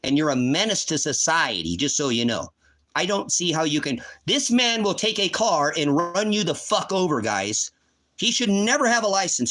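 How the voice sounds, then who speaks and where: A man's voice: sits high, a bit bright. A man hosting a livestream, ranting in a heated, profane, accusing way. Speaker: livestream host. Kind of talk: angry livestream rant.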